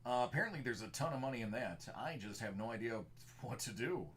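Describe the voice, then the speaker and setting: A man's voice: medium pitch, animated, quick pace, fairly bright tone, slight background noise. A man hosting a card break on a live stream, calling out player cards in short punchy bursts and chatting with viewers. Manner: chats with viewers in the stream chat.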